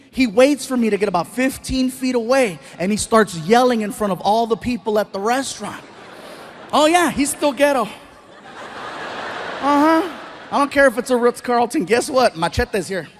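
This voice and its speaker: A man with a strikingly high voice performs stand-up comedy on a live stage mic. He tells his stories in an animated way and slips into the voices of the people in them. A faint audience murmur sits behind him. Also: slight background noise. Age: 30s. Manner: animated storytelling, acts out other people's voices.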